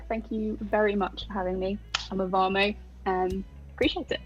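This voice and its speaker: A woman's voice: medium pitch, moderate pace, highs cut off, faint music behind. A woman musician talking on the phone in a radio interview, chatty and self-deprecating, laughing often and using many fillers. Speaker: musician guest. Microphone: phone line.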